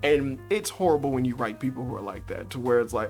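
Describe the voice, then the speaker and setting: A man's voice: medium pitch, animated, a little fast, faint music behind. A man reviewing a movie in a casual, profane, sarcastic rant, often breaking into laughter mid-sentence. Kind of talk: casual ranting commentary.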